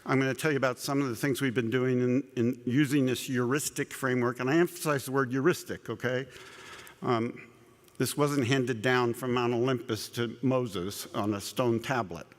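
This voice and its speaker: A man's voice: mid-range voice, steady tone, moderate pace. A man giving a conversational scientific lecture at a conference, often repeating words and dropping humorous asides. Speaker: conference speaker. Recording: long echo of a large hall.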